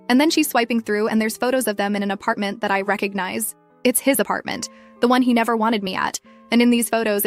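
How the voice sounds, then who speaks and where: A young woman narrating a scripted first-person story in a brisk, dramatic way. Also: medium pitch.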